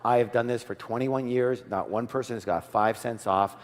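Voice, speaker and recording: A man voicing a stuffy, curt middle-aged woman finance director in a flat, dismissive way, in a large reverberant hall. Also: mid-range voice, normal speed, natural voice.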